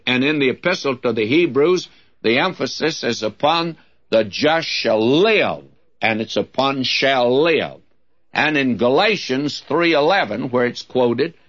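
A man teaches scripture in the emphatic, lively cadence of a radio preacher. He speaks slowly and deliberately, and his pitch swings widely as he drives his points home. The recording sounds dull and lo-fi, like an old broadcast. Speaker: Bible teacher.

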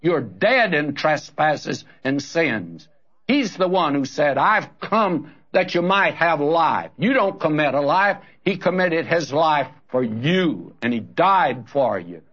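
A man's voice: fairly high pitch, lively intonation, a little slow, hardly any pauses, fairly bright tone, husky, lo-fi sound. A man preaching a sermon in an earnest, direct way, calling his listeners friend and brother.

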